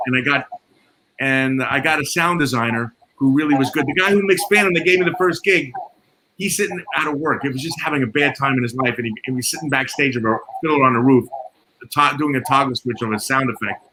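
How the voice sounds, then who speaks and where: Male guest, a sound engineer spinning lively anecdotes over audible background noise. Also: medium pitch, brisk. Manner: animated storyteller, acts out quoted dialogue. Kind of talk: storytelling in casual chat.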